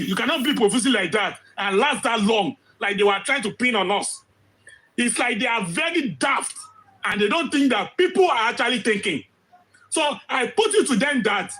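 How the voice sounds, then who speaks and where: High-voiced hoarse man ranting. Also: fairly bright tone, poor audio. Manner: emphatic, rhetorical questions, repeats phrases. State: hoarse, losing his voice. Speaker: social commentator. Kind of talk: impassioned commentary.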